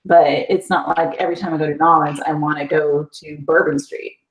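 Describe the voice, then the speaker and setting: A woman from the South, a guest telling an animated story in a casual chat and laughing often. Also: low-pitched, a little fast. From US South, Panhandle area. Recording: echoey room.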